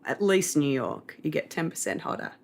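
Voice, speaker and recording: A woman's voice: sits low, sing-song, normal speed, slight background noise. A woman with an Australian accent, talking candidly and playfully as a podcast guest while lying in bed. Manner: candid and playful, laughs easily. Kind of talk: casual interview chat.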